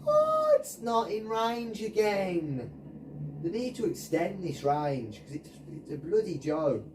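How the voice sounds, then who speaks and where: A man's voice: sits high, expressive, takes it slowly, background noise. A man commentating his own video game match, swearing and ranting at his teammates. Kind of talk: frustrated gameplay commentary. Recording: voice distant from the mic.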